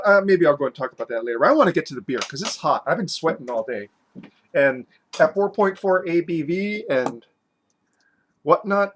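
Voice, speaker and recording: A man's voice: a little high, a little hiss or hum. Chatty man reviewing beer at home. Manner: chatty, self-mocking, many fillers and restarts. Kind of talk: casual rambling review.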